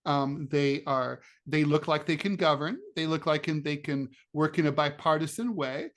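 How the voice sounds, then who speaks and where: A man's voice: fairly high pitch, moderate pace. Sardonic, chatty man co-hosting a podcast. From United States. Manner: chatty and sardonic, with many fillers and restarts. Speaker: podcast co-host, political cartoonist. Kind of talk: casual political chat.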